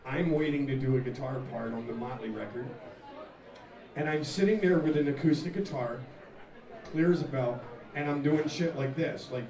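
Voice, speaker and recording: A man, a rock singer, telling a profane, animated story between songs at a live music venue, laughing and acting out the scene. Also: medium pitch, normal speed. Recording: echoey live room, mic far off, loud crowd.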